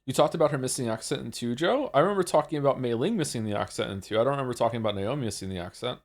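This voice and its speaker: A man's voice: medium pitch, expressive, racing. A man streaming a game live, reading viewer chat aloud and answering it in a talkative, wry way.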